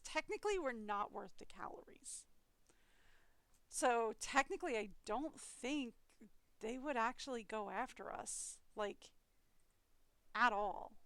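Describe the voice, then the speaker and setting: A young American woman streaming a game from home, chatty and rambling with frequent giggles. Her voice is high, bright and crisp, close to the mic with a dry sound. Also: no echo. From eastern United States. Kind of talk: casual live game stream chat.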